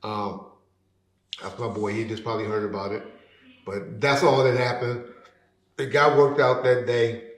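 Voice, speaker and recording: A man tells a story in casual talk, his voice sitting at a middle pitch. He animates the people he quotes with sudden loud, high jumps. The room around him rings with a noticeable echo. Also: flat delivery, a little slow, pauses often. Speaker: podcast guest telling a story. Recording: roomy echo.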